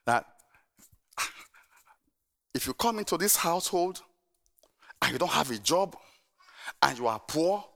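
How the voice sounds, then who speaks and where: A middle-aged male pastor preaching a sermon, telling stories in an animated way and urging the congregation to answer back. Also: on the high side, a little slow, vocal fry, pauses often.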